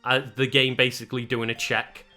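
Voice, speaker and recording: Let's play co-host: man, bright tone, halting casual commentary, faint game music underneath. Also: mid-range voice, little pitch movement. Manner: hesitant, full of fillers and restarts.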